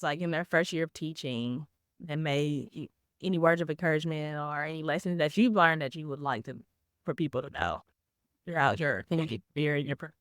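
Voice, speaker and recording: A woman's voice: fairly low pitch, smooth, dry recording, clean studio sound. A woman hosting a podcast, speaking bluntly and emphatically in casual chat. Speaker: podcast host.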